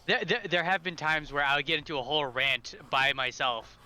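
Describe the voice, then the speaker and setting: A man's voice: a little high, fairly quick, sharp tone, clear, resonant tone. A man chatting wryly on a video call through a headset. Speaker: player. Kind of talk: casual chat on a video call.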